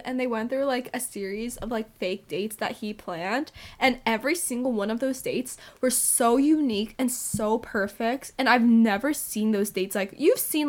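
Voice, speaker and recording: A young woman co-hosting a casual podcast chat, gushing about books and movies in run-on bursts full of fillers. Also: fairly high pitch. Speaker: podcast co-host.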